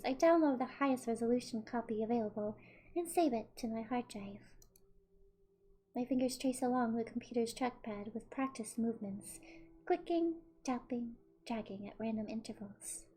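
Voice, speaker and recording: A woman voicing a smug, psychopathic young woman from a visual novel, reading in a cold, smirking, low and quiet voice. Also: close to an everyday voice.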